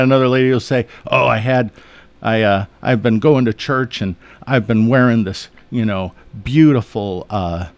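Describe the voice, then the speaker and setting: A low-voiced man sits in a radio studio and tells funny stories about his patients. His folksy delivery is full of chuckles and quick impressions of the people in them. The sound is close and dry, with no room around it. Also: no echo. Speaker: eye surgeon guest. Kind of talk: relaxed anecdotal storytelling.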